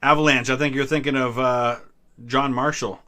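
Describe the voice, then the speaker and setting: A man's voice: medium pitch, steady tone, moderate pace, pushed and bright. A man in his thirties from the US Midwest, hosting a casual live-stream trivia chat and answering viewers' questions with small hesitations. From Ohio, US Midwest. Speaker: history channel host.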